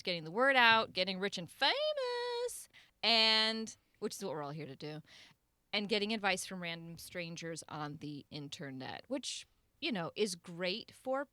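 Woman podcast host, lively and bright, playful, dry close sound. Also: medium pitch, clean tone, dry recording. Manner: playful, laughs often, animated. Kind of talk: casual group chat.

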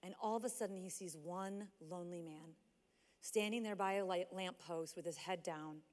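A woman pastor preaching a sermon in a chatty, animated storytelling way. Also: fairly low pitch, moderate pace. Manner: animated, conversational storytelling with lots of "like". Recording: long hall reverb.

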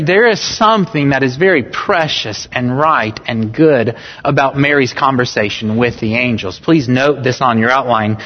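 A male pastor preaching slowly and earnestly to his congregation, returning to phrases to stress them anew. His voice sits high, and the recording is muffled, with a long reverb that says he is in a large church sanctuary. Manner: earnest, rising in emphasis, rereads phrases with different stress. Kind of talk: sermon. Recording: dull sound with long hall reverb.

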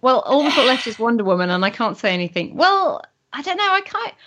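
A woman's voice: on the high side, big pitch swings, fast talker, a bit bright, a little hiss or hum. A woman in casual podcast chat, chatty and full of questions and rambling asides. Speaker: podcast co-host. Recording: muffled lo-fi audio.

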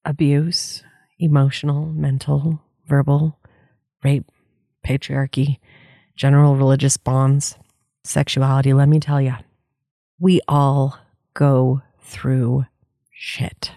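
A woman's voice: rumbling low, level tone, takes it slowly, gravelly, long pauses, dark tone, no echo, clean studio sound. A woman life coach giving an earnest, candid motivational talk, laughing often and swearing casually.

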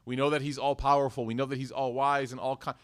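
Animated man telling a sermon story. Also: medium pitch. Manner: conversational, animated storytelling, with asides and quick restarts. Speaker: imam teaching a weekly class. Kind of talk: casual sermon with personal stories.

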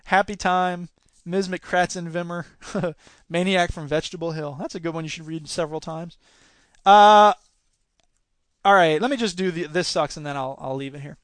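High-voiced man reading his stories. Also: normal speed, dry recording, studio quality. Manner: laid-back, joking, with filler uhs. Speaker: teacher and author. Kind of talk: casual chat and reading his stories aloud.

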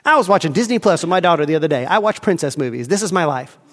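A man's voice: on the high side, lively intonation, rapid-fire, fairly bright tone, in a large hall. A man preaching a sermon as a pastor, asking emphatic rhetorical questions and acting out inner dialogue.

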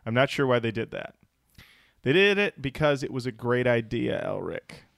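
A man's voice: mid-range voice, big pitch swings, normal speed, gravelly, a bit bright, no echo, studio quality. A man co-hosting a casual comedy podcast, reading listener comments aloud and tossing in joking asides. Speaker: podcast co-host.

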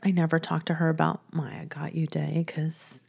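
A woman telling a personal story in a chatty, soft-spoken way, often laughing between sentences. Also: deep voice, flat delivery, moderate pace, vocal fry, husky. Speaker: business coach and podcast host.

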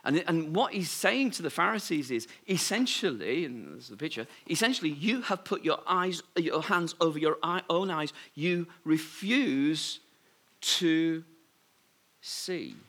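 A man preaching a sermon, retelling scripture with lively humour and playful asides. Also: fairly high pitch, a little slow, husky. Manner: lively storytelling with humorous asides.

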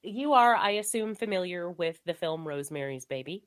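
An expressive woman with a fairly low voice co-hosts a casual movie podcast at a moderate pace. She is recovering from illness, and her rambling talk is full of fillers and frequent laughter.

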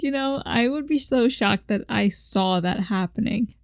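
A woman's voice: a little high, moderate pace, vocal fry, no room sound, studio quality. A young woman co-hosting a casual chat, asking questions and laughing often. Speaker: podcast co-host.

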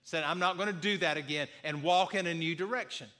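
A man's voice: a little high, a little fast, pushed and bright. A male pastor preaching a sermon in an earnest way, repeating key phrases and acting out sample apologies.

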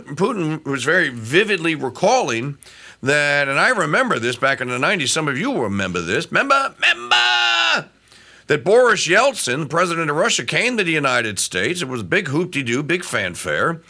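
A middle-aged man hosting a talk radio show, giving animated commentary that rambles with frequent restarts. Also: on the high side, a little fast.

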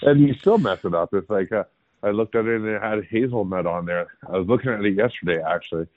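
A man's voice: on the low side, fast talker, no room sound. A man as a podcast guest in casual chat, easygoing and chuckling between points. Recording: tinny phone-like line.

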